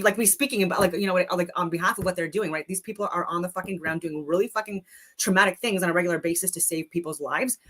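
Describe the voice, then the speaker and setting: A woman's voice: on the low side, quick pace, a bit bright. A woman delivering an agitated, unscripted rant, swearing heavily and rambling between points. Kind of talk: unscripted ranting monologue.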